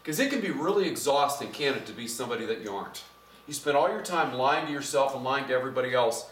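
A middle-aged man preaching a sermon as pastor, conversational and animated, getting louder as he drives his points home. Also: mid-range voice, fast. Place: church sanctuary. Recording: echoey church from a distance.

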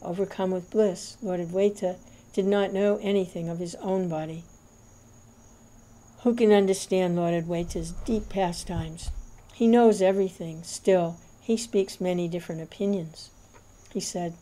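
A woman reading a devotional scripture aloud in a measured, reverent narration. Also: fairly low pitch, steady tone, mellow. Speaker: reader.

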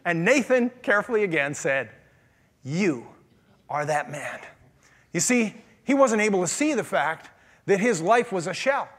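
Male pastor, higher pitch, conversational sermon full of questions to the room. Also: sing-song, normal speed, fairly bright tone. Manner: conversational preaching with rhetorical questions. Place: church.

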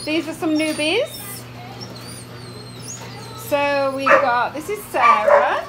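A woman walks along the kennels, presenting each rescue dog and sliding into soft baby talk with them. Her voice sits high and swoops up and down. The phone recording is noisy, with dogs barking close by. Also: expressive, takes it slowly. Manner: coos and baby-talks to the dogs. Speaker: dog rescue worker introducing new dogs. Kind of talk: casual walkaround video.

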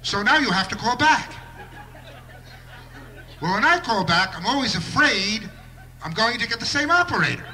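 A man's voice: extremely high pitch, big pitch swings, normal speed, pauses often, bright, forceful tone, a little hiss or hum. A man doing a live stand-up routine with a wry observational delivery and bursts of mock outrage. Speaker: stand-up comedian.

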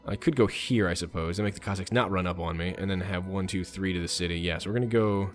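A man's voice: low-pitched, fast talker, faint music behind. A man hosting a let's play, chatting casually and muttering orders to his game units. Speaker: gaming channel host.

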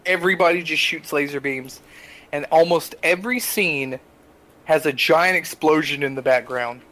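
Young man, casual podcast chat, fairly high voice, lively exasperated storytelling. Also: normal speed. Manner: animated storytelling, exasperated asides. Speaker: podcast co-host.

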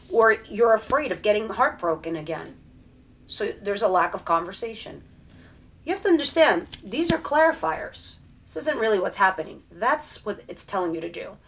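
A woman's voice: mid-range voice, a bit bright, slight background noise. A woman giving a casual tarot reading straight to the viewer, chatty and direct. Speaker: tarot reader.

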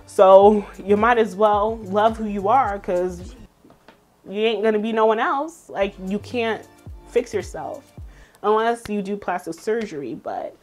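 A woman's voice: mid-range voice, darkish tone. A young woman, talking straight to her viewers in a casual motivational vlog, sassy and emphatic, laughing often. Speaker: vlogger.

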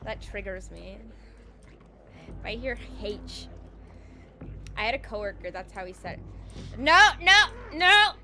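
A woman's voice: medium pitch, measured pace, pauses often, fairly bright tone. A woman streamer chatting casually with her live chat while playing a horror game. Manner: chatty, bubbly, talks to chat.

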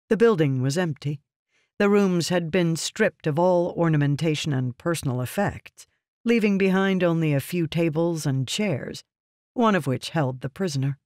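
A man narrating a fantasy novel in a steady, measured storytelling manner. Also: on the high side, no echo, clean studio sound. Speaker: audiobook narrator.

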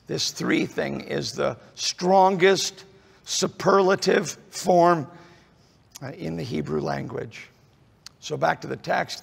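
Male pastor, slightly high, unhurried sermon delivery full of "uh" and "um", fades soft then swells. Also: creaky, breathy edge. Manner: halting, many fillers, drops to near-murmur then rises. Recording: long reverb of a large hall.

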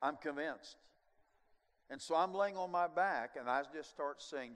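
Older man preaching a lively testimony. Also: fairly high pitch, measured pace, clean tone. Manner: animated storyteller, swings from hushed to loud, chuckling asides. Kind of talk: sermon testimony storytelling. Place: large church sanctuary. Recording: long reverb of a large sanctuary.

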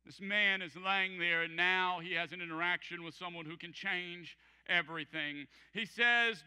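A pastor delivering an emphatic sermon, repeating key phrases and acting out quoted voices. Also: male voice, high voice, moderate pace, few pauses, sharp tone, clear, resonant tone. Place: large church hall. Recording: church hall with long reverb.

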